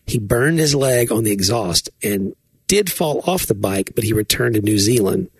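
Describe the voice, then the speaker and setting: Gravelly-voiced male podcast co-host. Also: fairly low pitch, lively intonation, moderate pace, dry recording. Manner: hesitant, many fillers. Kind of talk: casual chat, reading listener emails.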